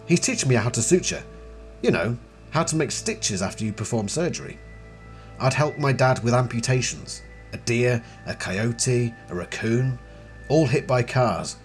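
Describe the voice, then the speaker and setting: A man giving a casual book analysis and reading passages aloud, chatty and expressive. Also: mid-range voice, moderate pace, soft background music. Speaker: book series reviewer.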